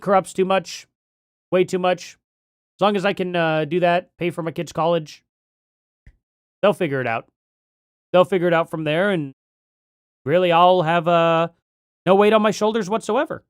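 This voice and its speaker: A middle-aged man hosting a casual livestream, thinking out loud and reading chat aloud, with lots of ums and restarts. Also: sits high, clear, resonant tone, no room sound, studio quality. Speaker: livestream host.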